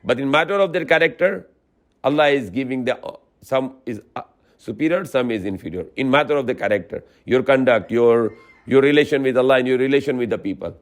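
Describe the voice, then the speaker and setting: A man's voice: mid-range voice, fairly quick. A male Islamic preacher giving a religious lecture in non-native English, often restarting phrases, asking the audience rhetorical questions and quoting Arabic scripture.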